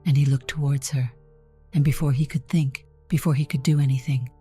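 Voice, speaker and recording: Low, dark-voiced woman narrating a story. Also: fairly even intonation, a little fast, slightly rough, soft background music. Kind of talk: first-person scripted story narration.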